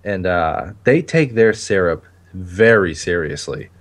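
A man's voice: low-pitched, animated, slow pace. A man hosting a casual podcast, cracking jokes and laughing often. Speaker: podcast host.

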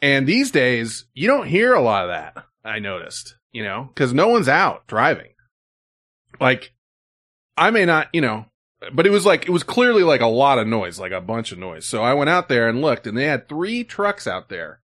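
A man, a live streamer telling a story to his chat in a casual, profane, animated way, full of "like" and "you know". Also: medium pitch, moderate pace.

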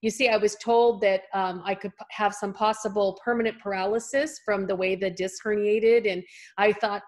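A woman's voice: mid-range voice, fairly even intonation, normal speed. A woman in her fifties, originally from California, telling a personal faith story as a guest in an interview. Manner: earnest storytelling, acts out voices in quotes. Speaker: guest author and speaker. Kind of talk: personal testimony in a podcast interview.

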